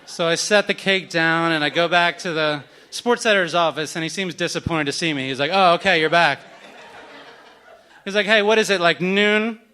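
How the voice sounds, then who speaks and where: A man in his thirties tells a wry, self-deprecating story on stage, slipping into the voices of the people he met. His voice is bright and forceful, a little higher than most men's, and it stays crisp throughout. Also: moderate pace. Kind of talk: live storytelling. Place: on stage at a live event.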